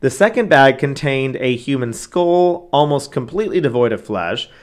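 A man's voice: medium pitch, expressive, moderate pace. A man co-hosting a casual true-crime chat, talking loosely with many fillers and asides. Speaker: podcast co-host.

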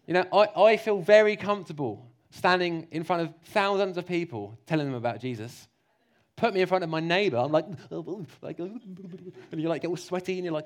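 A man preaching a sermon. He talks in a lively, joking way and acts out little mock voices. His voice sits a bit high. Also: moderate pace.

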